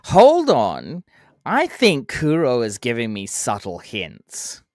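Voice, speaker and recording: Streamer talking to chat mid-game, bouncy up and down voice, takes it slow, goofy little sound effects. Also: mid-range voice, wildly swooping pitch, a little mellow, no echo, studio quality. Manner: chatty, answers chat, counts down and makes playful sound effects. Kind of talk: casual live-stream chat while playing.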